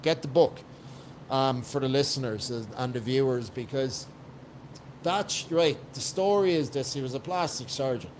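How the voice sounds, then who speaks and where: A man's voice: mid-range voice, a little slow, slight background noise. An Irish man from Ireland, a guest coach on a podcast, talking in a blunt, emphatic way and swearing freely. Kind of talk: casual podcast chat.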